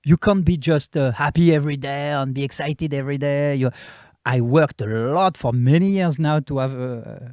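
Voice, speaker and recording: Halting French-accented man, fairly high voice. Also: a little mellow, dry recording, studio quality. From France. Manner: halting, searching for English words. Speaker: comedian and guest. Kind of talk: casual interview chat.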